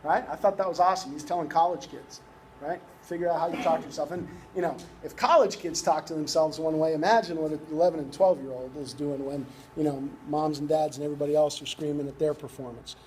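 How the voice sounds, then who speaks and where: A man's voice: a little high, fairly even intonation, fast talker, darkish tone, a little hiss or hum. A man giving a coaching workshop talk, conversational, constantly checking in with "right?". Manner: conversational, keeps asking "right?". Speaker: youth baseball coaching instructor.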